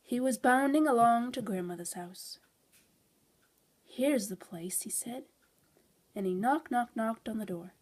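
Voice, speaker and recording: A woman reads a children's fairy tale aloud. Her narration is calm and expressive, in a fairly high voice. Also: moderate pace. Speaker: storybook reader. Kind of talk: reading a children's storybook aloud.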